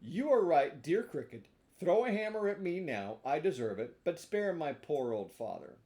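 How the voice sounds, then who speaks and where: A man voicing a proud young wooden marionette boy in a read-aloud storybook, speaking high, loud and emphatic. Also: big pitch swings, moderate pace. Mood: pleading.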